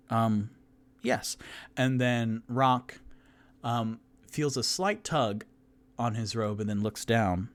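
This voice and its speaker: A man's voice: mid-range voice, slow pace, dry recording. A man narrating a tabletop game he runs alone as dungeon master, rambling, with many ums and self-corrections.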